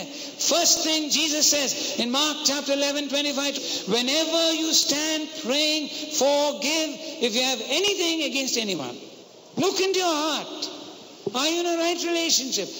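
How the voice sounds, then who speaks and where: This sermon comes from a man whose very high voice sounds pushed and bright. He relates a personal story and puts rhetorical questions to the congregation, recorded with long hall reverb and faint noise.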